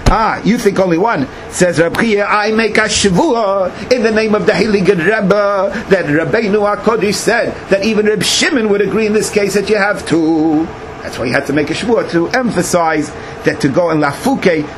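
A man with a Yeshivish English accent giving a Talmud class, explaining in a lively sing-song way and acting out the rabbis' back-and-forth. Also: high-pitched, normal speed, a little hiss or hum. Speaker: Talmud teacher.

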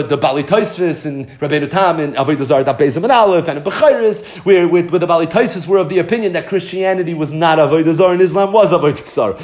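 Animated man teaching Torah. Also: high-pitched. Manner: animated, mixing Hebrew and Yiddish terms into English. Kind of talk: Torah class lecture.

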